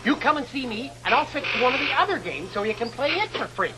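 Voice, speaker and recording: Animated sketch performer, woman, high lively voice, noisy tape. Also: fast. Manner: animated and exclaiming. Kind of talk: sketch comedy. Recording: noisy old TV recording.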